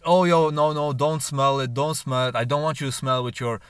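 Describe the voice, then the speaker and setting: A man's voice: medium pitch, steady tone, normal speed, fairly bright tone, clean tone, no room sound, close to an everyday voice. A man voicing a tipsy, awkward male barman who jokes too hard. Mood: mock-teasing. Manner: jokey, overdone.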